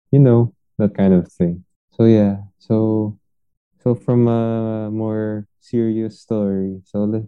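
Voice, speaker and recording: Slow, smooth Filipino man on a phone line. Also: deep voice, dry recording. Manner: easygoing, mixing English and Filipino. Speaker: podcast co-host. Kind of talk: casual chat. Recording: tinny phone-line sound.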